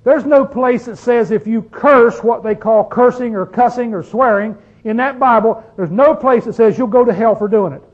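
A man's voice: very high voice, moderate pace, few pauses, highs cut off. A man preaching a sermon, pressing his points with rhetorical questions and drawing out key phrases for stress. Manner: emphatic, rhetorical questions to the congregation.

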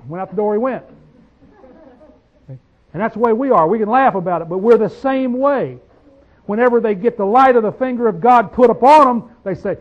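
A man with a high voice delivers a homespun sermon. He reads scripture in slow, drawn-out phrases, then breaks into quick conversational asides and rising declarations. The recording sounds dull and lo-fi. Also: animated. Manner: folksy, call-and-response asides, swings from quiet to loud. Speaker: preacher.

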